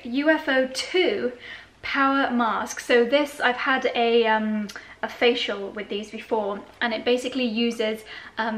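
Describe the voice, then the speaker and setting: A woman's voice: on the high side, fairly bright tone. A young woman talks to her camera in a bubbly, gushing way, full of little exclamations. She sounds slightly out of breath. A faint hiss of noise sits under the recording. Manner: chatty, enthusiastic, lots of exclamations. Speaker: vlogger. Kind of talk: casual vlog chat.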